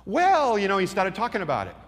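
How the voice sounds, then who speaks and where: A male preacher telling a story in a sermon, acting out the dialogue with lively energy. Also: a little high, brisk. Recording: long hall reverb.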